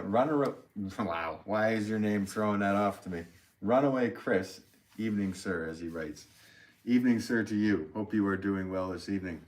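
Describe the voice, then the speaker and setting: Low-voiced man chatting through a live stream. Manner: relaxed, rambling, many fillers and restarts. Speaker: potter live-streaming at the wheel. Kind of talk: casual live-stream chat, reading viewer comments. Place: pottery studio.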